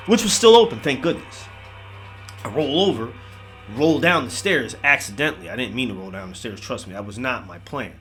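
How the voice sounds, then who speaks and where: A man telling a scary story in a casual, profane way, swearing often and acting out the scenes. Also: medium pitch. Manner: animated, swears constantly, acts out the scenes. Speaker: horror storyteller.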